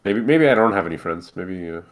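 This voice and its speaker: A man from Montreal talks through a relaxed chat with a friend. His voice sits on the low side, and he rambles, circling back with restarts and fillers as he goes. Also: fairly quick. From Montreal, Canada. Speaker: co-host. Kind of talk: casual chat.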